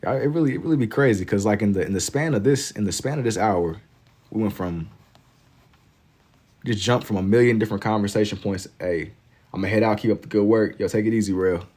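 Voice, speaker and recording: A man's voice: fairly low pitch, brisk, darkish tone. A young man from Kentucky chatting casually on a livestream while he draws, laid-back and slangy as he reads chat aloud. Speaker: livestreaming artist.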